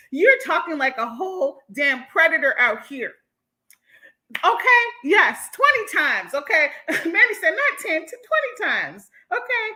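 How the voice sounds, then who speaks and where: A woman with a high, bright voice holds forth on her livestream, answering her chat as she goes. She talks bluntly and heatedly and swears freely. Her tone is sharp and forceful. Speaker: host.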